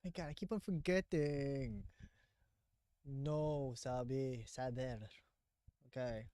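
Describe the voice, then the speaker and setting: A man's voice: mid-range voice, steady tone, takes it slowly, dark tone, smooth, no echo, clean studio sound. A man vlogging his language practice, thinking aloud and correcting himself as he goes. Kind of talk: casual vlog, practicing aloud.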